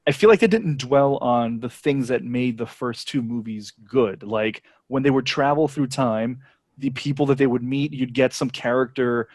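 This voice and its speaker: A man's voice: medium pitch, moderate pace, a little mellow, no echo. A man co-hosting a podcast in casual chat, opinionated and full of "you know" fillers. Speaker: podcast co-host.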